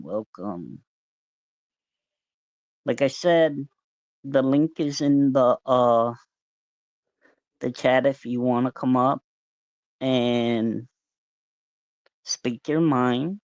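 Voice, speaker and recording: A man hosting a casual livestream, relaxed and rambling, greeting viewers by name as they join. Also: mid-range voice, drawn-out words, long pauses, dry recording. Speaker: livestream host. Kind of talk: casual live-stream chat. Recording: dull, lo-fi, dry sound.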